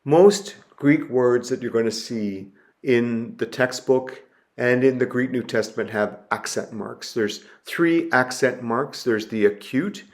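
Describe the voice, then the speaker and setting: A man giving a recorded lecture as a Greek teacher, talking slowly and deliberately and repeating each word to model its pronunciation, with frequent fillers and restarts. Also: mid-range voice.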